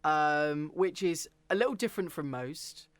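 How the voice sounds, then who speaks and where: A man hosting an interview, praising his guest in a soft, hesitant way with many fillers. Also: on the high side, expressive, measured pace, no room sound. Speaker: interviewer host. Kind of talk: casual interview chat.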